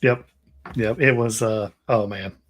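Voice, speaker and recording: A man's voice: on the low side, fairly even intonation, unhurried. Southern-accented American man, chatty livestream host who rambles and laughs easily. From Tennessee, USA. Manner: rambling, laughs often, drawling. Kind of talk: casual interview chat.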